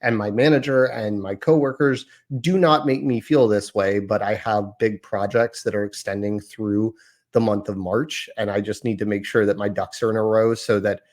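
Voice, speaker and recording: A man's voice: fairly low pitch, steady tone, normal speed, a little mellow. A man in his thirties hosting a casual podcast, talking in a chatty, rambling, self-deprecating way. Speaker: podcast host.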